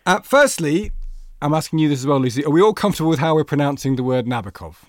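A man's voice: fairly high pitch, fast. A man hosting a literary podcast, reading introductions and chatting with a guest. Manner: lively, reads intros then banters. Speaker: podcast host. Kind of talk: literary magazine podcast chat.

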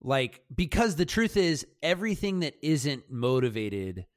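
A man in casual podcast chat, telling rambling, animated stories about editing his film. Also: on the high side, unhurried, no echo, studio quality. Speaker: filmmaker, podcast co-host.

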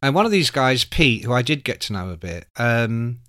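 A man, telling anecdotes as a guest, animated and swearing freely. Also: mid-range voice, moderate pace, dry recording, clean studio sound. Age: 60s. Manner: animated, acts out quoted voices, swears freely. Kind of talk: casual storytelling.

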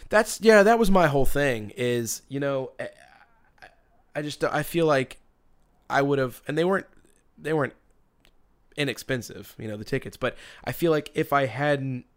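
A man's voice: mid-range voice, animated, normal speed, clear, resonant tone. A man on a podcast telling a story in casual chat, rambling with many restarts and bursts of laughter.

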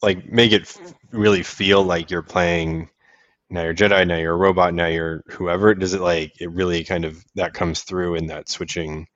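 Low-voiced podcast host, halting. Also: male voice, level tone, a bit bright, no echo. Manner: halting, rephrases questions as he goes. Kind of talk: casual chat. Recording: dull lo-fi sound.

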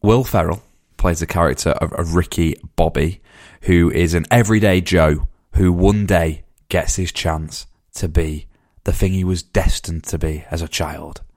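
A man's voice: deep voice, no room sound. A man co-hosting a podcast, chatting casually with a dry, teasing manner. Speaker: podcast co-host. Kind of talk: casual chat, reading a film synopsis.

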